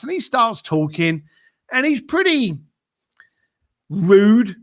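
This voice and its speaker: A man with a high voice tells a story in a podcast interview, acting out both sides of a phone call. His tone is bright and forceful, and he leans on fillers and repeated "I said.". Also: very animated, slow. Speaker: podcast guest.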